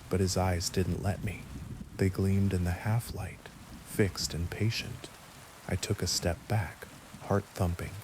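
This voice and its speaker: Low calm guy reading a horror sleep story, steady and even, faint rain in the background. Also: background noise. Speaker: narrator. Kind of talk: scripted horror narration for sleep.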